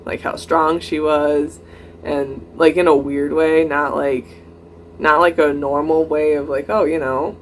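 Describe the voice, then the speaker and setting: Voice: measured pace, slight background noise. Young adult vlogger telling a storytime. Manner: animated retelling, acting out both sides of dialogue with rising pitch; frequent "like" and "I'm like" quotative fillers. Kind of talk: casual storytime vlog.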